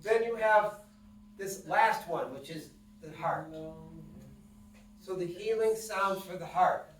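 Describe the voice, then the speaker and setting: A man's voice: high-pitched, takes it slowly, slight background noise. A man instructing a class, explaining in plain terms and asking the students questions as he guides them through breathing. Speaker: wellness instructor. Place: room with a class present. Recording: echoey room, mic from a distance.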